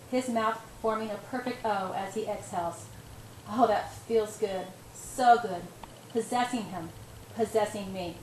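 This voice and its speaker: A woman reading first-person romance narration in a soft, intimate way. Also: mid-range voice, echoey room, slight background noise, rough recording. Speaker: audiobook reader.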